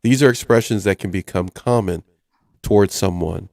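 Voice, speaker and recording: A man's voice: sits low, normal speed, creaky, darkish tone, dry recording, clean studio sound. A man hosting a casual radio talk show, reading items aloud in a chatty way. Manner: chatty, reads list items aloud, chuckles often. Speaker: host.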